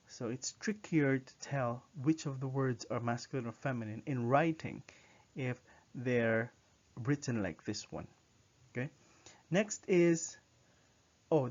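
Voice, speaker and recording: A man's voice: mid-range voice, a little mellow. A man teaching a lesson, patiently repeating words so learners can practise them. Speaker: language teacher. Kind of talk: slow spoken lesson. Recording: dull lo-fi recording.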